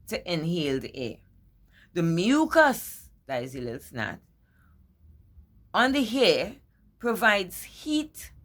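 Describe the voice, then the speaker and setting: Woman, husky, low-pitched, casual vlog, playful, drawn-out emphasis. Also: fairly bright tone. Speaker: vlogger.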